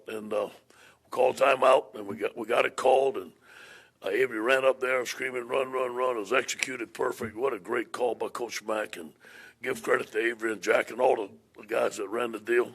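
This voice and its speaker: A man with a gravelly, husky voice speaks as a head football coach at a press conference. He is plain-spoken, repeating and restarting his words as he goes. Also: mid-range voice, fairly bright tone.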